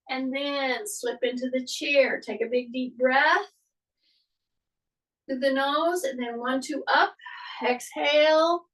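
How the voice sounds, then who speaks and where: A woman with a high voice coaches an exercise class at an unhurried pace, talking through each step and checking in with "okay?". She sounds somewhat far from the microphone, as if it sits across the room. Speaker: fitness instructor.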